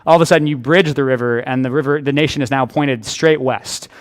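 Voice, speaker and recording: A man gives a lunchtime history lecture in a relaxed, conversational way. His voice sits at an ordinary middle pitch, and he often restarts phrases as he thinks aloud. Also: fairly quick. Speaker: author giving a history lecture. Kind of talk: public history talk.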